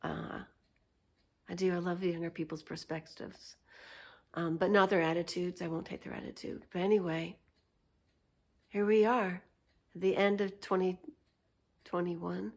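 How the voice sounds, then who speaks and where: A woman's voice: fairly low pitch, level tone, moderate pace, pauses often, darkish tone. A woman telling a story in an unscripted casual vlog, chatty and meandering, laughing often. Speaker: vlogger.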